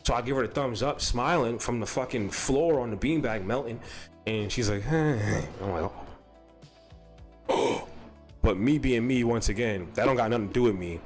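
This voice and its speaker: A man's voice: mid-range voice, normal speed, faint music behind. A young man telling a rambling, profane story on a live stream, repeating himself as he goes. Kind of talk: casual storytelling.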